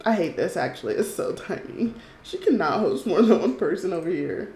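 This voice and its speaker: A young woman chatting excitedly and swearing while commenting on a life-sim game. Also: on the low side, normal speed, reverberant, a little hiss or hum. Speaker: let's play host. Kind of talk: casual gameplay commentary.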